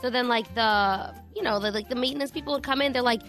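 Young woman on morning radio, high voice, rambles and says like constantly, faint music. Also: quick pace, a bit bright. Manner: chatty, rambling, heavy use of "like". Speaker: radio co-host.

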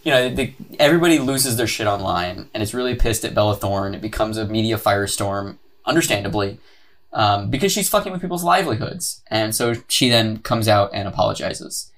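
A man co-hosting a comedy podcast, telling the story in a casual, animated way and often laughing. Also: lowish voice, a little fast. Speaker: podcast co-host.

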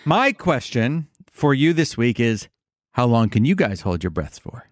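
A man's voice: medium pitch, big pitch swings, measured pace, no room sound, studio quality. A man, the show's producer, wrapping up a podcast episode in a playful, teasing way. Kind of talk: podcast outro.

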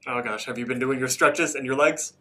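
A young man with a bright, forceful voice, talking casually as a podcast co-host. He recaps scenes in a loose, rambling way, leaning on "like" and "um" as he goes. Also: mid-range voice, brisk. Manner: loose, rambling retelling full of "like" and "um". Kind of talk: casual episode recap chat.

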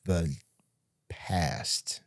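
A young man, a pro football player co-hosting a podcast, talking in a relaxed, rambling way with many fillers and restarts. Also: extremely slow. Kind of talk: casual chat.

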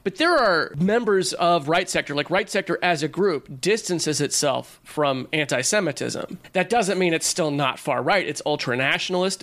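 A man's voice: on the high side, a bit bright. A man co-hosting a podcast, chatting casually and animatedly with lots of filler words. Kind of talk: casual political chat.

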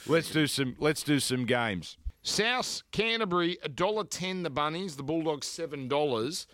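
A man's voice: on the high side, lively intonation, fairly bright tone, no echo, clean studio sound. Chatty Australian man hosting a podcast. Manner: jokey, quick banter with rambling restarts. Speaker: betting podcast host. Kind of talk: casual sports chat.

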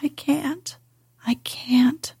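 A woman's voice: high voice, steady tone, measured pace, creaky, a little mellow, husky, no room sound, studio quality, full character voice. A woman voicing a hysterical, sickly young boy who gasps and sobs, in whispered role-play. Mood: sobbing. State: gasping and sobbing.

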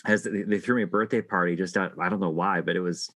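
Low-voiced man telling a rambling story. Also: fairly even intonation, fairly bright tone, no echo. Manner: rambling, halting with many restarts. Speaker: guest telling a personal story. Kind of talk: casual storytelling chat.

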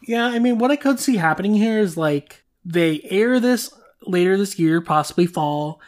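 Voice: mid-range voice, expressive, normal speed, darkish tone. A podcast host talking casually and speculatively, with lots of fillers. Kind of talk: casual chat.

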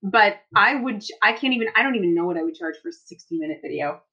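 A woman's voice: medium pitch, animated, fast, pushed and bright, highs cut off. A woman co-hosting a podcast in casual, teasing chat. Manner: teasing, playful. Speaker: podcast co-host.

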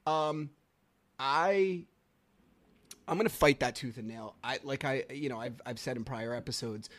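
A man hosts a podcast in a casual storytelling voice, circling back on himself with fillers and restarts. His voice sits at an ordinary middle pitch for a man. The sound is close and dry, with no room around it. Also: fairly even intonation, a little slow, a bit bright, no echo. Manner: rambling, conversational, many fillers and restarts. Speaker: podcast host.

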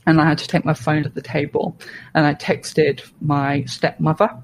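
Flat, gravelly woman telling her story. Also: deep voice, moderate pace, a little hiss or hum, rough recording. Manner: frank and steady, with plain swearing and restarts. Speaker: podcast guest. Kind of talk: candid personal storytelling.

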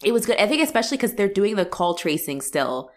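A woman co-hosting a casual podcast, recapping a movie with quick asides, laughter and acted-out quotes. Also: medium pitch, big pitch swings. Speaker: podcast co-host.

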